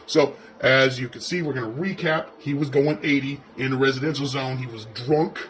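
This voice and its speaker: A man's voice: mid-range voice, fairly even intonation, normal speed, fairly bright tone, slight background noise, close to an everyday voice. A man playing a crude, foul-mouthed police officer, ranting sarcastically and profanely as he comments on video footage. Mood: sarcastic.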